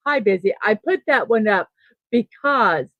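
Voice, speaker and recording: A middle-aged woman hosts a relaxed morning stream, thinking aloud as she reads out chat messages. She talks at an unhurried pace and laughs softly now and then. The sound is dry and a little dull, like a simple home setup. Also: mid-range voice, dry recording. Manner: slow, chatty, thinking aloud, with soft laughs. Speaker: host of a daily morning livestream. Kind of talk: casual livestream chat, reading chat messages.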